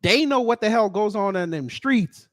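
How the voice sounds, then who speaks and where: A man hosting a reaction commentary channel, talking in an animated, sardonic, conversational way. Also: sits high, normal speed, no room sound, studio quality.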